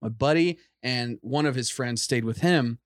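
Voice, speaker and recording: A man's voice: medium pitch, moderate pace, dry recording, studio quality. A young man casually telling stories on a podcast, rambling and laughing often. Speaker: podcast host. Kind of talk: casual chat, storytelling.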